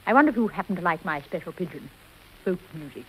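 A woman's voice: fairly low pitch, lively intonation, fast talker, a bit bright, breathy edge, rough recording. An actress playing a gushing, effusive society lady in a 1940s radio comedy. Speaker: gushing radio-panel guest.

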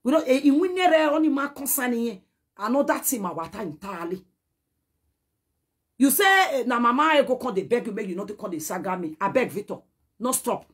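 A woman's voice: a little high, lively intonation, fairly quick, husky. A Nigerian woman speaking to the camera in a heated message, scolding and pleading by turns and moving between Pidgin and a local language. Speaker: social media personality.

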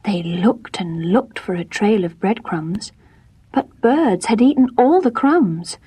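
A woman narrating a storybook in gentle, measured tones. Her voice is husky and breathy, and she speaks softly. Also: mid-range voice, expressive.

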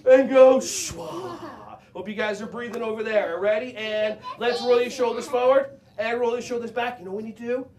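A man teaching a children's karate and yoga class, playful and animated as he jokes with the kids. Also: very high-pitched, fast, hardly any pauses. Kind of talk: leading a kids' exercise class.

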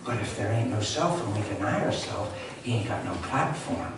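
A man preaching a sermon, telling a story with lively shifts between shouting and hushed asides. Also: lowish voice, a little fast, heavy background noise. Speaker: pastor. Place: large church sanctuary. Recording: echoey church hall from far off.

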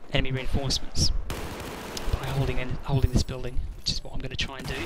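Sweary gamer over loud gunfire. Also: male voice, medium pitch, completely flat delivery, quick pace, heavy background noise. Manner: rambling, sweary, self-mocking. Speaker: gameplay commentator. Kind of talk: casual gameplay commentary. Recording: loud game gunfire and explosions behind.

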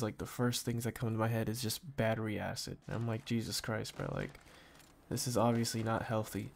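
A man talks nonstop while playing a video game, drifting between loose rants and sudden hyped reactions. His voice sits at an ordinary pitch with a gravelly, fry-laden texture. His casual talk is heavy with slang and profanity. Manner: profane, slangy, excitable outbursts. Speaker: gaming YouTuber. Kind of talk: rambling gameplay commentary.

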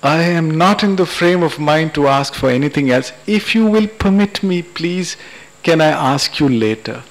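A man's voice: on the high side, animated, normal speed, poor audio. A man voicing a fed-up, henpecked husband who pleads with a god, told within a lecture story. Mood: pleading.

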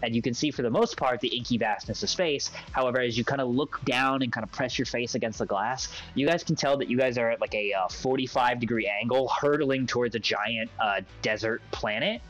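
A man's voice: medium pitch, fairly quick, few pauses, fairly bright tone. A young man narrating a tabletop game as game master, rambling and full of fillers. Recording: dull lo-fi voice chat with faint music.

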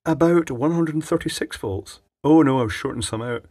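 A man's voice: fairly high pitch, moderate pace, a little mellow, no echo, clean studio sound. A man chatting dryly as he repairs electronics at his workbench, thinking aloud as he works. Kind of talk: casual workbench commentary.

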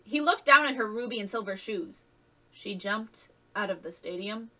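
Bright-voiced woman reading a story aloud. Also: medium pitch, moderate pace, far from the mic, poor audio. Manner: lively reading with voiced characters. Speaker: audiobook reader. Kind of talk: scripted narration.

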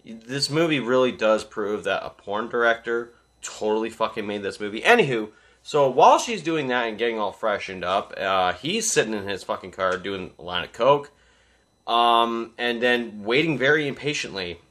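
A man recapping a horror movie in a casual, animated way, swearing constantly and laughing at the scenes. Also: mid-range voice, normal speed. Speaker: movie reviewer. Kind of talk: casual profane film recap.

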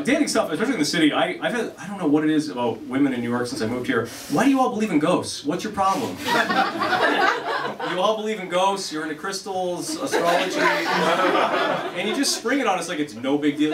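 A man doing a stand-up comedy set on a club stage, rambling and self-deprecating, acting out bits of dialogue. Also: on the high side. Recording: echoey room, recorded from a distance, loud background noise.

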